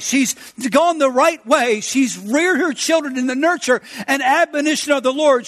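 High-voiced middle-aged preacher man, fervent, goes from loud to real quiet, long echo in a church. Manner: fervent preaching with big swings from loud to hushed. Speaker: pastor. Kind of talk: sermon. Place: church sanctuary.

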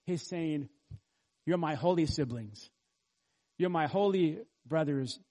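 A man's voice: a little high, slow pace, dark tone. A man pastor preaching an expository sermon, earnestly teaching and asking the congregation rhetorical questions.

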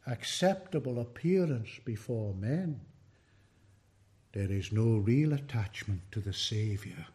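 A man preaching a sermon, slow and emphatic, his voice rising in force on key words and falling away at the ends of sentences. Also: medium pitch, dark tone. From United Kingdom.

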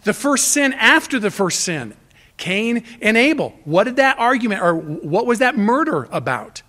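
A male pastor delivers an expository sermon from a church stage. His voice sits high for a man, and he presses his points earnestly and emphatically. He often stops and restarts phrases as he builds toward the key word. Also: big pitch swings, normal speed, sharp tone.

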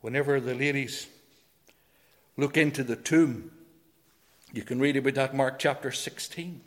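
A man preaching a sermon, emphatic, swinging between loud declarations and hushed phrases. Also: mid-range voice. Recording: long hall reverb.

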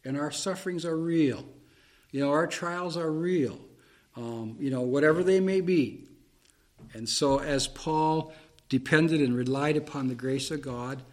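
A man with a mid-range voice preaches a Bible-teaching sermon, reading verses aloud and explaining them in plain terms. His delivery includes fillers and restarts.

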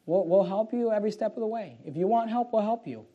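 A man's voice: sits high, expressive, quick pace, narrow, tinny audio. A man preaching a sermon to a church congregation, reading scripture aloud with mounting force. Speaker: pastor. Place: church auditorium.

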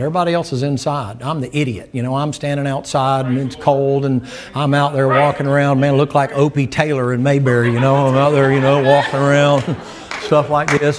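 An older man preaching a sermon, telling a folksy story, laughing and acting out the dialogue. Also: fairly high pitch.

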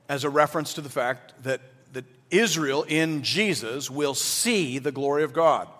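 A man's voice: mid-range voice, fairly bright tone, big-room sound. A man preaching a sermon, explaining scripture verse by verse and acting out the quoted lines. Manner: expository teaching, acts out quotes in voices. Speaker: pastor.

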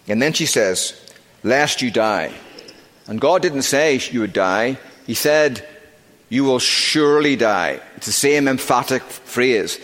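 A middle-aged man preaching a sermon as pastor, emphatic, slowing down to stress key words. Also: medium pitch, expressive, a bit bright. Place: church sanctuary. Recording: long reverb of a church sanctuary.

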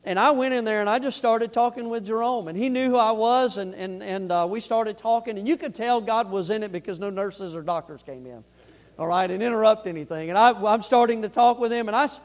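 Man, pastor, high-pitched, earnest sermon storytelling, rising to fervent shouted preaching. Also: a little fast.

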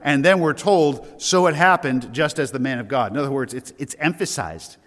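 Male pastor, mid-pitched, earnest sermon delivery, long hall reverb. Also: a bit bright. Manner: earnest preaching, slowing down to stress key words.

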